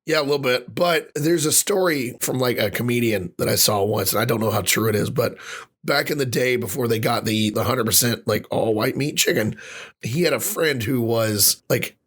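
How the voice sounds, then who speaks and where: A man co-hosting a casual podcast, ranting with lots of swearing, his voice a little rough from recovering after losing it. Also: medium pitch, normal speed. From Ireland. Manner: animated ranting with frequent swearing. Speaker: podcast co-host.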